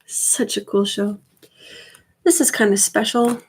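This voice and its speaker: A woman's voice: medium pitch, fairly even intonation, a little slow, husky, poor audio. A woman in her thirties chatting casually on a live stream, rambling with wry asides. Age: 30s. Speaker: vlogger.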